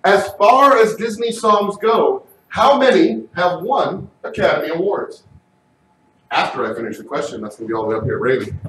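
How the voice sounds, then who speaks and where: A man with a high voice runs a live game show with loud, energetic calls, often shouting. He sounds distant from the microphone, and the large room around him echoes. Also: moderate pace, a little hiss or hum.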